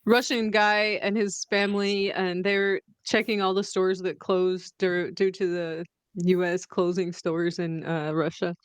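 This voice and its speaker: A woman with a smooth, clear voice talks casually as a guest on a video call. She speaks haltingly and giggles often, and the sound is dry and close. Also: on the low side, flat delivery, no room sound. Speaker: guest, streamer. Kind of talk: casual panel chat.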